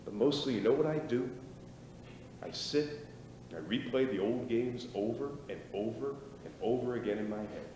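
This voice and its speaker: Male actor as a reckless middle-aged ex-athlete, mid-pitched, boastful, live stage sound with a long hall echo. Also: normal speed, darkish tone, lightly acted. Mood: restless. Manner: swaggering, rambling, prods listeners with "right?" and "boy". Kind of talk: live stage play acting. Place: small theater stage. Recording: echoey theater stage, distant mic, noisy.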